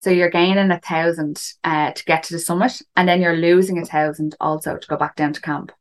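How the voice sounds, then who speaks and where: A woman's voice: lowish voice, fairly even intonation, fairly quick. A woman telling a story in a casual chat, full of fillers and asides. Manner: chatty, frequent fillers and "do you know". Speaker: guest recounting a climb.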